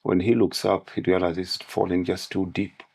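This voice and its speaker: Man, very low voice, gravelly, podcast guest, parable-telling. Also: flat delivery, moderate pace, darkish tone. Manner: preaching in parables and analogies. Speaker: guest speaker on manhood. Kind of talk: podcast conversation with storytelling.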